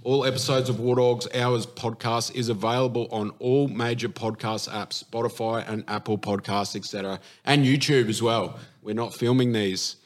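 An Australian man hosting a veterans' podcast, speaking at an ordinary pitch. He is loose and unhurried, filling his gaps with um's as he closes out the show. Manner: relaxed, fillers and um's. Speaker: podcast host. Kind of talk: casual podcast wrap-up.

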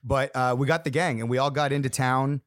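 Man, co-host, rapid talk, casual chat, dry close mic. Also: medium pitch, steady tone, fairly bright tone, no echo. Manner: quick, loose, laughing. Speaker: podcast co-host.

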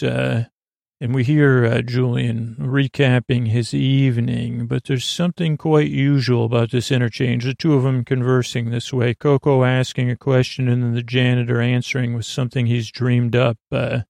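Man, bedtime story narrator, slow and meandering, gravelly voice, dry close sound. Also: mid-range voice, steady tone, darkish tone, dry recording. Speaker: podcast host, storyteller.

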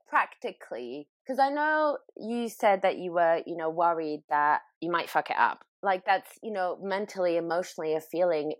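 A woman's voice: low-pitched, dry recording. A woman hosting a podcast interview, asking casual, rambling questions and laughing often. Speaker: podcast host. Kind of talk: casual chat.

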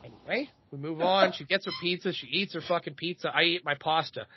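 Husky-voiced man telling a profane story. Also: on the high side, brisk, no echo, highs cut off. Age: 30s. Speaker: podcast host. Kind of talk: comedic storytelling.

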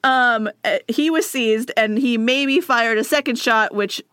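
A woman's voice: fairly high pitch, a little slow, fairly bright tone, smooth, no echo, studio quality. A woman co-hosting a casual history podcast, giggling and reading quotes aloud with playful emphasis. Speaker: podcast co-host.

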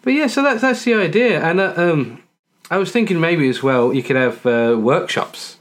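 A woman's voice: on the low side, lively intonation, moderate pace. A woman co-hosting a casual podcast chat, reading facts aloud and laughing often. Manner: giggly, reads facts aloud with frequent laughter. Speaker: podcast co-host.

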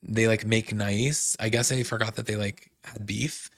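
A man hosts a casual recap show, rambling through his thoughts with plenty of "like"s and false starts. His voice sits a little low with a gravelly edge. The sound is dry and close, with no room in it. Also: fairly even intonation, unhurried, fairly bright tone, no echo. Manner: chatty, many "like"s and restarts. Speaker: podcast host.

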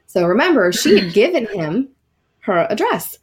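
A woman's voice: mid-range voice, very animated, normal speed, a little hiss or hum. A woman hosting a podcast, telling a ghost story in a casual, chatty way with many fillers and asides. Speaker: podcast host.

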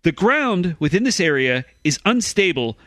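A man co-hosting a comedy podcast, reading strange news stories in a slow, mock-formal way. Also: high-pitched, sing-song, fairly bright tone, dry recording.

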